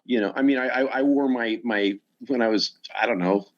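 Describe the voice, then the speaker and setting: A man's voice: medium pitch, brisk. A middle-aged man, a stuntman guest on a podcast, telling casual anecdotes in a laid-back way with chuckling asides. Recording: muffled recording.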